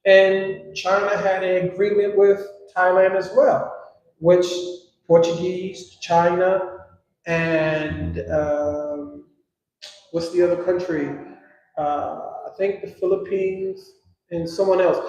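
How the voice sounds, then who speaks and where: A man chatting casually on a live stream, his thoughts coming out in loose runs padded with "you know" and "um". His voice sits a bit high for a man. The room is hard and very echoey, so every word rings back. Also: level tone, slow, darkish tone, highs cut off. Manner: rambling, many fillers and "you know"s. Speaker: guest on a live talk stream. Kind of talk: casual chat.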